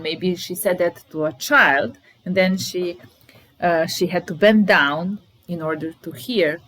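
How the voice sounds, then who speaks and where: English teacher, woman, Serbian accent, slightly low voice, unhurried and repetitive. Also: fairly bright tone, low-quality recording. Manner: repeats example sentences slowly, explaining them. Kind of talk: language lesson.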